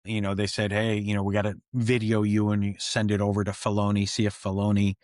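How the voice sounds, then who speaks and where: A man's voice: on the low side, quick pace, no echo, studio quality. A man, a stuntman guest on an interview show, telling stories casually and acting out what people said. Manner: animated, acts out quotes.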